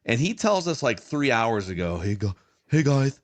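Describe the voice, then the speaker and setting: A man's voice: medium pitch, moderate pace, crowd noise. A man co-hosting a football podcast, his voice rising and falling a lot as he talks. He teases his co-host and keeps the show moving along, sounding both playful and in charge. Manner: teasing, animated, plays straight man to his co-host. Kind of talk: casual chat.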